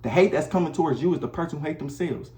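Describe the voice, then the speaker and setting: A vlogger speaks to his camera mic in a casual monologue, handing out blunt, preachy relationship advice full of slang and repetition. His voice is a little high and darkish in tone, delivered very fast in a reverberant space.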